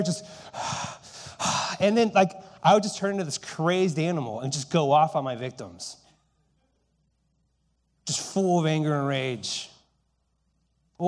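A man preaching a sermon, telling stories and dropping between loud emphasis and hushed, quiet lines. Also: a little high, a little slow, long pauses. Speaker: pastor.

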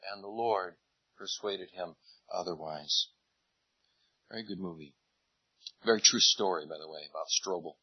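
A man's voice: low voice, moderate pace, long pauses, slightly rough, no echo, lo-fi sound. A man preaching a sermon, retelling a Bible story in a conversational, storytelling way. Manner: conversational storytelling, retelling scenes in lively voices.

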